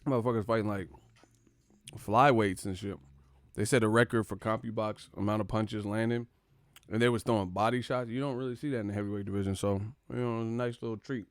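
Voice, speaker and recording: A man's voice: on the low side, steady tone, a little fast, dry recording. A young man hosting a live stream about boxing, casual and profane, laughing often and mimicking commentators. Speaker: boxing channel host.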